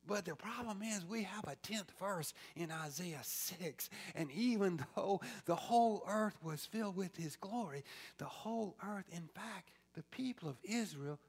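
A man preaching a sermon, swinging from loud exclamations to hushed whispers. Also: high-pitched, measured pace, breathy edge.

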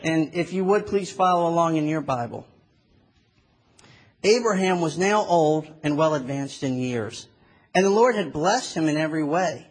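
A man preaching a sermon in an earnest, prayerful, measured way. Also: on the high side, expressive, breathy edge.

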